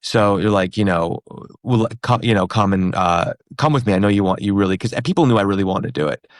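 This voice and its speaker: A comedian in his thirties telling a story in a casual interview, animated, acting out the other people in it. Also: fairly low pitch, a little fast, dry recording, clean studio sound. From New York and Pennsylvania. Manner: animated, acts out quoted voices. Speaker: comedian guest.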